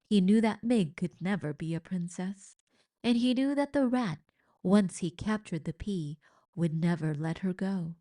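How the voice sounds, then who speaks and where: A woman reading a children's book aloud as narrator, with slow, expressive storytelling. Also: on the low side.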